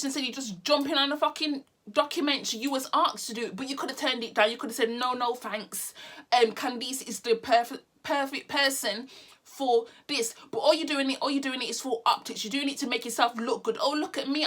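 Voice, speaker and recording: A woman's voice: sits high, pushed and bright. A young woman from the United Kingdom, angrily ranting to camera in a blunt, sarcastic vlog with plenty of swearing. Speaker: vlogger. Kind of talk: heated opinion rant to camera.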